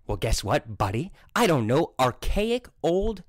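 Heated, animated French-accented man. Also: fairly high pitch, moderate pace, hardly any pauses, no room sound. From French Canada. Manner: combative, sarcastic, scolding. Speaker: Christian vlogger. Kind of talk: heated monologue.

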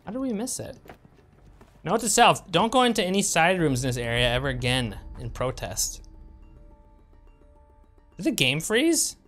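A man's voice: a little high, normal speed, fairly bright tone, faint music behind. A man streaming a game live, making sarcastic jokes and swearing a lot when he gets frustrated. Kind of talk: live gameplay commentary.

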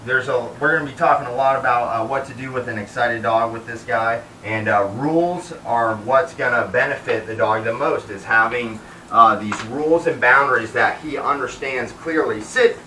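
A man training a dog outdoors talks through what he is doing, breaking off to give sharp commands. His voice is bright and forceful. He stands back from the microphone, so the sound is roomy. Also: medium pitch, normal speed, recorded from a distance, slight background noise. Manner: commands the dog mid-sentence, many fillers. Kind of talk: explaining while training a dog.

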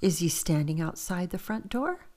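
A woman's voice: on the low side, very animated, normal speed, darkish tone. A woman voicing a big, playful father bear who teasingly pretends to search. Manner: teasing, mock-puzzled.

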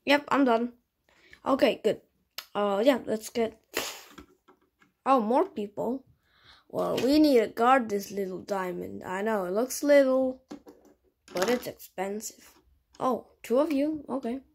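A woman's voice: a little high, slow pace, creaky, long pauses, a little hiss or hum. A woman voicing toy figures in a playful stop-motion play, switching between characters in dialogue.

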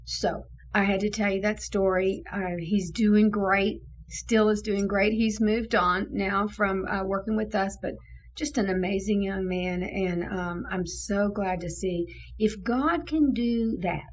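Husky woman telling a faith testimony. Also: mid-range voice, steady tone, a little slow, low-quality recording. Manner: earnest, emotional, full of fillers. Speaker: ministry leader. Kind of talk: testimony storytelling.

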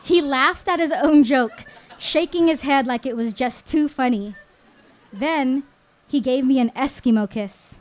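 A woman in her thirties tells a personal story on stage at a small live show. Her voice sits a little high, and she takes her time, lingering in deliberate pauses between phrases. The delivery is warm with storytelling rhythm rather than chatty. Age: 30s.

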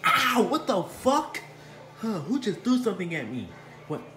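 A man voicing a hot-tempered male chef who yells indignantly. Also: sits high, big pitch swings, brisk, roomy sound, loud music behind the voice. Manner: shouting, indignant.

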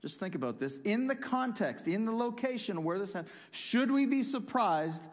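A man preaching a sermon as pastor, emphatic, swinging between loud punchy lines and quiet asides. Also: high-pitched, expressive, normal speed. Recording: long hall reverb.

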